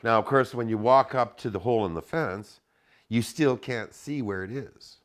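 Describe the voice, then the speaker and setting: A man telling a story in casual chat, animated and profane, acting out the shouted lines. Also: mid-range voice, moderate pace.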